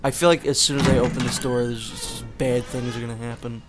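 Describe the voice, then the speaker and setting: Over loud music, a young gameplay commentator talks through a video game in a casual let's play, rambling and chatting with lots of fillers. His mid-range voice is flat in delivery and a little fast.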